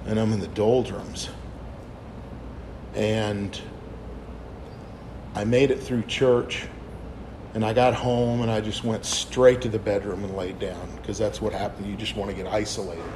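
Guy in his 40s preaching his own story to teens, halting and rambly, kinda noisy recording. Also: lowish voice. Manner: candid and rambling, with halting restarts. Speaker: youth speaker. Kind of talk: personal testimony sermon. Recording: steady background noise.

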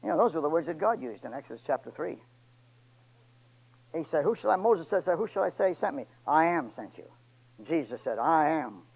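A man with a high voice preaches a sermon in a church sanctuary. He swings from ringing shouts to hushed, almost whispered lines. He throws in joking asides to the congregation. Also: animated, normal speed, gravelly, breathy edge, poor audio. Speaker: pastor.

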